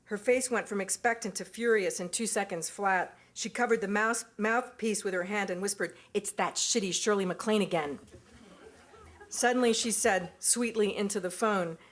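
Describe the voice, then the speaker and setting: A woman's voice: medium pitch, normal speed, hardly any pauses. A woman reading aloud from her own memoir at a university event, with a wry, amused delivery.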